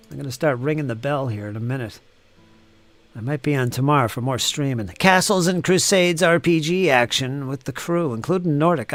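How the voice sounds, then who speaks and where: A man hosting a live painting stream, chatting casually and teasing viewers as he reads their comments aloud. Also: medium pitch. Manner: joking, teasing chatter with frequent laughs.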